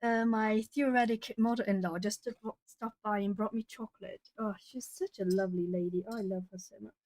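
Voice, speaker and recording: A woman's voice: mid-range voice, steady tone, moderate pace, a little mellow, no echo. Thirtysomething lady w/ a mixed british-ish accent chatting on her art stream, goes off on tangents, pretty dry mic. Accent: hard-to-place English accent, British-tinged. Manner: chatty, rambling, laughs often, self-corrects. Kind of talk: casual livestream chat while drawing.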